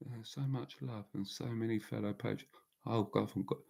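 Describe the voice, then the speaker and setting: A man's voice: fairly low pitch, steady tone, normal speed, gravelly, a little mellow, slightly rough. A man hosting a casual live chat, talking bluntly in a rambling way and answering viewers by name. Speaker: livestream host.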